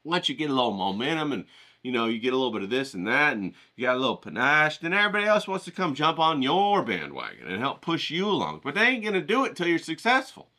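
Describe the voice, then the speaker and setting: A middle-aged man rambling casually to his viewers, profane and animated, acting out the voices of the people he quotes. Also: on the high side, quick pace. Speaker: vlogger painting outdoors.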